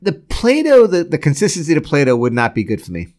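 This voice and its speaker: A man's voice: a little high, huge pitch swings, fast talker, darkish tone. A man co-hosting a casual podcast in a studio, teasing his partner and laughing often. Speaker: podcast co-host. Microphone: studio microphone.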